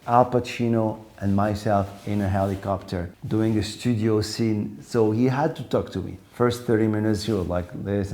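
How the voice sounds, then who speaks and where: A middle-aged man from Morocco, speaking English as a guest comedian in an interview and telling lively anecdotes. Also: lowish voice. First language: French. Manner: animated, acts out quoted voices. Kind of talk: interview storytelling.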